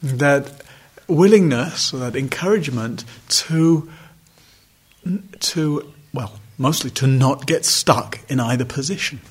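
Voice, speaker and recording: Man, husky voice, meditation teacher, reflective dharma talk, wry asides. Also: medium pitch, slow. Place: retreat center hall.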